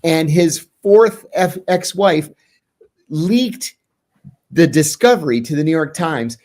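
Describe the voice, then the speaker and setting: Guest: middle-aged American man, somewhat high-pitched, a storyteller who acts out the dialogue he quotes. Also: lively intonation, slow, darkish tone. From United States. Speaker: guest, former intelligence officer. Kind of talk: casual storytelling in an interview.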